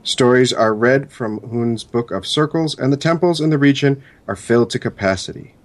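A man's voice: medium pitch, normal speed. A man co-hosting a podcast, reading lore notes and rambling with many fillers when he explains. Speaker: podcast co-host.

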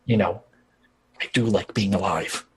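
A man voicing a nervous, overly polite townsman who talks in halting, hesitant bursts full of ums. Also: sits low, fairly even intonation, breathy edge, voice pushed down, heavily acted, rough recording.

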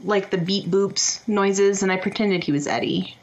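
A woman's voice: medium pitch, moderate pace, poor audio. A woman co-hosting a podcast in casual chat, laughing often and reading out comments from the chat. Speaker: podcast co-host.

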